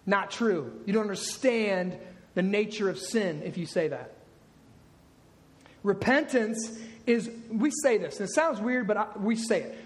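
A male pastor preaching a sermon, emphatic and repeating his key words for weight. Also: high voice.

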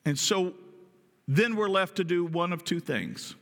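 A man's voice: high voice, unhurried. A man preaching a sermon in a conversational way, often asking his listeners questions. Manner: conversational, asks the congregation questions. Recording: long reverb of a large hall.

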